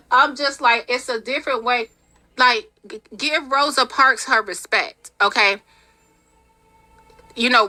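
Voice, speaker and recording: A woman's voice: fairly high pitch, bright, forceful tone, no room sound. A woman hosting a commentary livestream, talking sarcastically and with exasperation as she reads viewer comments. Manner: sarcastic, exasperated, laughing asides. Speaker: commentary channel host.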